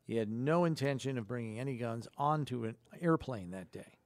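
A man's voice: medium pitch, normal speed, a little mellow, no room sound. A man co-hosting a sports radio show, reading news items and cracking wry jokes in casual chat. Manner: wry, joking asides.

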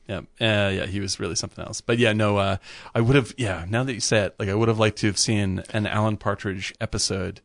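A man's voice: fairly low pitch, fairly even intonation, fairly quick, gravelly, no echo. A man in a casual chat among friends, enthusiastic, swearing freely and laughing often.

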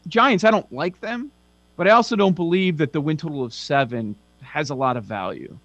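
A man's voice: a little high, fairly bright tone, dry recording, dull audio. Sarcastic man talking football bets. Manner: sarcastic, lists facts quickly. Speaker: sports betting host. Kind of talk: casual sports betting chat.

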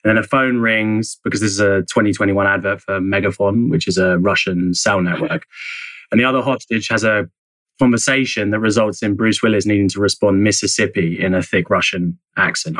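A man's voice: lowish voice, fairly bright tone, no room sound, rough recording. A man speaking as a journalist guest in an interview, explaining at length with frequent fillers, hedges and restarts. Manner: hedging, many fillers and restarts. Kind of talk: conversational interview answers.

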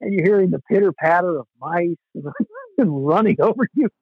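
A man casually telling an animated, loose, swearing story about touring as a musician. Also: high-pitched, normal speed, breathy edge, no echo. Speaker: musician guest. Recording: dull, lo-fi sound.

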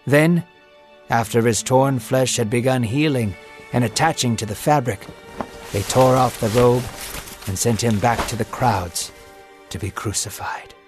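A man's voice: medium pitch, measured pace. Dramatic male narrator, grave and intense, music playing strong under him.

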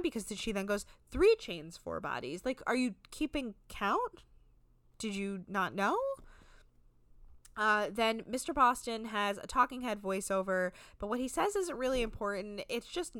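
A woman's voice: mid-range voice, pushed and bright, clean tone, dry recording. A woman co-hosting a recap podcast, talking in a frank, crude, chatty way full of filler words. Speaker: podcast co-host recapping a reality show. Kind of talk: casual chat.

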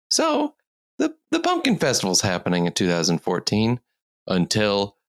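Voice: medium pitch, very animated, takes it slowly. A tired podcast host telling a news story in casual chat, rambling and giggling often. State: tired from lack of sleep.

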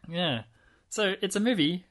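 A man's voice: high-pitched, expressive, a little slow, a bit bright. A man co-hosting a podcast in casual chat, rambling and wry, with many fillers and restarts. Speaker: podcast co-host.

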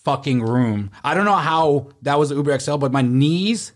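A man casually telling animated stories among friends, swearing freely and acting out what people said. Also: on the high side, normal speed. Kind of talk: casual storytelling chat.

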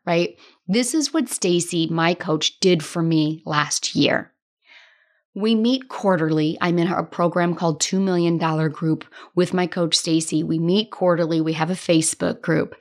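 A woman hosting a solo coaching podcast, talking earnestly with a strained, worn voice. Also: lowish voice. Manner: earnest, emotional, talks through tears at times. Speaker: podcast host and business coach.

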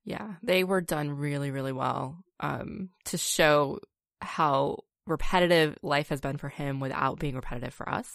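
A woman co-hosting a casual film discussion, animated, laughing often and acting out reactions. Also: deep voice, moderate pace, creaky, dry recording, studio quality. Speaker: podcast co-host.

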